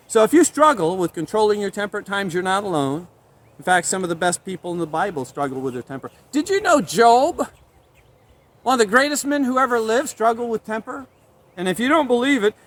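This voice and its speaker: A man delivers a sermon in a notably high voice. He tells stories with animation and lifts his voice when he reads scripture aloud. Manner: animated storytelling, reads scripture with rising emphasis. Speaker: preacher.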